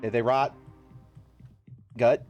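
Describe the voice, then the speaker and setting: A man's voice: medium pitch, fairly even intonation, slow pace, dull audio, soft background music. A man streaming a game live, reading its text aloud and joking crudely as he plays. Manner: swears freely, jokey, mocking mock-British bits.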